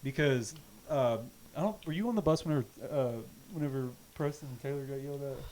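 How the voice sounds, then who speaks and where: A man's voice: medium pitch, brisk, darkish tone, rough recording. A young man hosting a podcast, telling a story in casual chat, laughing and acting out quoted lines. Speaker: podcast host.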